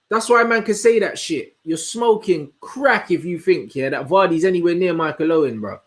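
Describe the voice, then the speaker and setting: Slangy young man, slightly high voice. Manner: slangy, animated, answers chat with quick asides. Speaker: host. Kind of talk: casual livestream chat.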